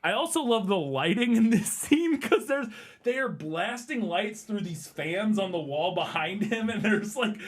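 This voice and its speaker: A man hosting a podcast, talking casually about a film, excitable, swearing and laughing often. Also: high voice, unhurried, husky. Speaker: podcast host. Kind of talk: casual chat.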